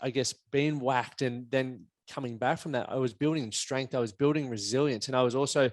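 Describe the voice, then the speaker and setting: A man hosting a casual podcast, speaking frankly and swearing with ease. His voice sits at a middle pitch, recorded dry and close with no room echo. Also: a little fast. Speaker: podcast host, men's performance coach.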